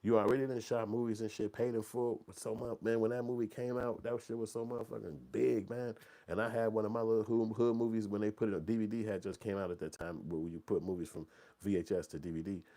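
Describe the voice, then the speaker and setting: Guy in his 40s, low mellow voice, cussing and rambling thru a story. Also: quick pace. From Chicago. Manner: animated, profane, rambling street talk. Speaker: movie channel host. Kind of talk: casual commentary and storytelling.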